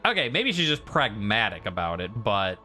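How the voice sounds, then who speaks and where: A man's voice: fairly low pitch, big pitch swings, moderate pace, pushed and bright, soft background music. A man streaming a video game, giving casual, rambling commentary and poking fun at himself. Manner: rambling, self-deprecating.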